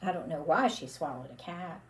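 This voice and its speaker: A woman's voice: low voice, lively intonation, a little hiss or hum. A woman leading a children's storytime with a puppet, drawing out her words in a sing-song way. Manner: slow, sing-song, drawn-out for kids.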